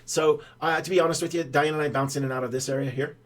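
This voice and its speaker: A man's voice: on the high side, fairly even intonation, fast. An older man, a financial adviser, explaining in a folksy, rambling way with many ums and uhs. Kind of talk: casual explainer talk.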